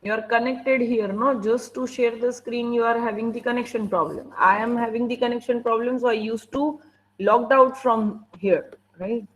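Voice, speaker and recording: A woman's voice: fairly high pitch, fairly even intonation, moderate pace, poor audio. A woman teacher with an Indian English accent running an online class over a video call, strict and impatient as she prods students to answer.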